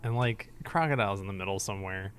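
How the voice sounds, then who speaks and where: A man's voice: lowish voice, fast talker, fairly bright tone, slight background noise. A man co-hosting a podcast in casual chat, joking, laughing often and trailing off with fillers. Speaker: podcast co-host.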